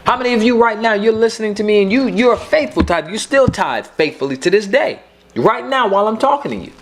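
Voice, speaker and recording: A man's voice: sits high, lively intonation, fast talker, slight background noise. A middle-aged man preaching a sermon, emphatic and repeating his key points for the congregation.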